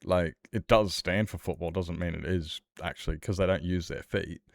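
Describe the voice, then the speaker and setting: A man's voice: low-pitched, fairly even intonation, normal speed, vocal fry, no room sound, studio quality. A man streaming a survival game, chatting with viewers in a worked-up, playful rant. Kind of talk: casual live-stream chat.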